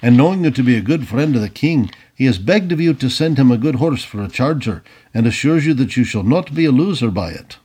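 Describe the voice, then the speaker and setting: A man doing a bold young Scottish soldier, earnest and polite. His husky voice moves in a lively way. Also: medium pitch, a little fast, hardly any pauses.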